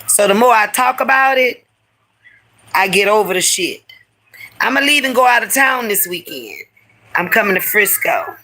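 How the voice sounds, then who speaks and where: A woman's voice: mid-range voice, animated, moderate pace, pauses often, sharp tone, poor audio. A woman hosting a live stream who tells a personal story in a candid, heated way, full of profanity and slang. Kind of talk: casual storytelling to a live audience.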